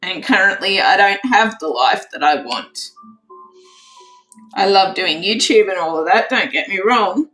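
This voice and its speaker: A woman hosting a casual crafts livestream, emotional and teary, repeating herself with excitement. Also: mid-range voice, a little slow, faint music behind, low-quality recording. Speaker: crafts channel host.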